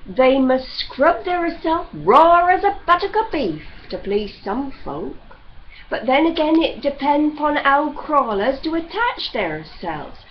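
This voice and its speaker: A woman's voice: high-pitched, big pitch swings, slow, pitched above the performer's own voice, heavily acted. A woman reading aloud and voicing a grumpy, sarcastic older male servant who lectures in broad rustic dialect, on a slightly dull recording with faint hiss.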